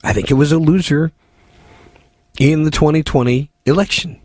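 A man's voice: on the high side, moderate pace, darkish tone, no room sound. A man hosting a talk radio show, reading listener texts aloud and answering them with sardonic, exasperated commentary.

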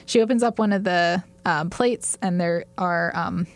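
A woman co-hosting a podcast in casual recap chat, animated, acting out lines and laughing often. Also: on the low side, unhurried, no room sound. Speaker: podcast co-host.

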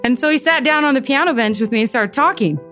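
A young woman telling a story in an interview, lively and animated, acting out the voices of the people she quotes. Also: high-pitched, fast talker, soft background music. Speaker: pianist and volunteer.

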